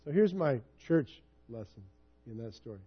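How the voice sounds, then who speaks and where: A man's voice: medium pitch, normal speed, slightly rough, highs cut off. A man in his fifties preaching a sermon in a personal, conversational storytelling way. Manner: conversational, personal storytelling, animated when retelling. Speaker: pastor.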